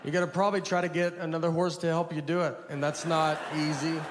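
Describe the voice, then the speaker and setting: Rambling deadpan stand-up comedian. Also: male voice, on the high side, quick pace, noisy background. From United States. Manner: rambling deadpan storytelling with many fillers. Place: stage before a laughing audience.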